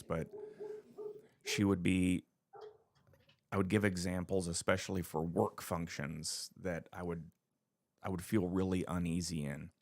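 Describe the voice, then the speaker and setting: A deep-voiced man, recorded with no echo, co-hosts a casual podcast chat. He tells stories animatedly and acts out what people said.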